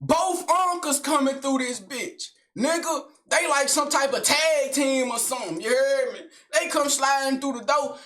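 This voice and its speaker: Male storyteller: animated, heavily profane, slangy, talks straight to the audience. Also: very high voice, unhurried, hardly any pauses. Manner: animated, slangy and profanity-laced, with frequent check-ins to the listener.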